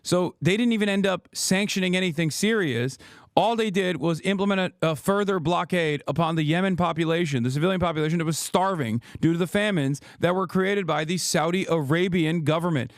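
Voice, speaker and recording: Man ranting angrily, high voice, dry. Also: brisk, no room sound. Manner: angry, profane, sarcastic, rhetorical questions. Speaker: streamer, political commentator. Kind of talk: ranting livestream commentary.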